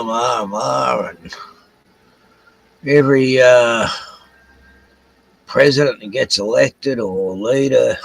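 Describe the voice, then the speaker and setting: A man's voice: fairly low pitch, vocal fry, slightly rough, no room sound, low-quality recording. An older Australian man rambling through a casual solo livestream at home, swearing freely as he drifts between topics. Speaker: livestream host.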